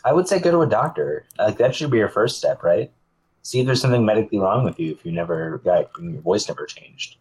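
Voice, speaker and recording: A man's voice: fairly low pitch, animated, quick pace, a little mellow, slightly rough, low-quality recording. A man co-hosting a casual podcast, bantering and laughing easily. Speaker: podcast co-host.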